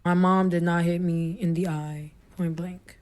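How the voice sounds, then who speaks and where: A woman's voice: fairly low pitch, little pitch movement, unhurried, darkish tone, slight background noise. A young adult woman caller telling a long story in casual, rambling talk over a phone connection, filling gaps with "blah, blah".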